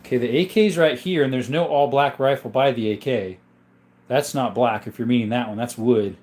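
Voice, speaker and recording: A man with a mid-range, slightly mellow voice speaks at normal speed while showing his gun collection on a casual livestream. Sick and coughing now and then, he rambles easygoingly through viewers' names.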